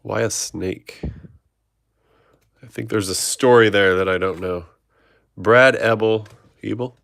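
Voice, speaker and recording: Low-voiced man calling out cards. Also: steady tone, measured pace, gravelly, no echo, clean studio sound. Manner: rattles off player names, chats with viewers. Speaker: card breaker host. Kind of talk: live card-opening stream chat.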